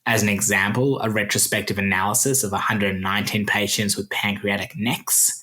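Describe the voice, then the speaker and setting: A man's voice: fairly low pitch, fairly even intonation, pushed and bright. A man with an Australian accent co-hosting a podcast, reading through a dense medical summary and laughing easily between points. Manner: brisk, dense with technical terms, laughs easily. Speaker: podcast co-host.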